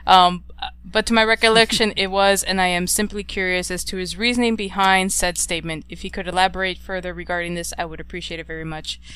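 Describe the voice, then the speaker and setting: A woman hosting a casual podcast, relaxed, reading listener mail aloud. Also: lowish voice, fast, hardly any pauses, clean tone, no echo. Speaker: podcast host.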